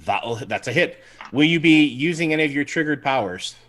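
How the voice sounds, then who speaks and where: A man running a tabletop role-playing game, his voice rising and falling with lively, animated intonation. He narrates scenes and calls rolls playfully. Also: a little high, brisk. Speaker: game master.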